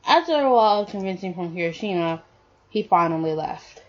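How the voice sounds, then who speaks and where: A woman's voice: fairly low pitch, expressive, brisk. A woman casually reading fan fiction aloud to her listeners, with slips and restarts along the way. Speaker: storyteller. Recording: dull lo-fi audio.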